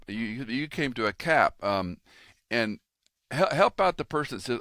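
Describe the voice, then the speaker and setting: A man in his sixties hosting a conversation, telling stories with lively acted-out quotes. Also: mid-range voice, normal speed, dry recording, clean studio sound. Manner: animated storyteller, acts out quoted voices. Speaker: podcast host and pastor. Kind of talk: casual conversation.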